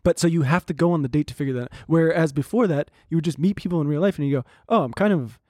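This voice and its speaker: A man with a slightly high voice chats casually on a podcast and winds through long stories. He acts out what everyone said. The sound is close and dry, with no room echo. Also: rapid-fire, warm tone. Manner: rambling storyteller, acts out quotes. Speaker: podcast co-host. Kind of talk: casual chat.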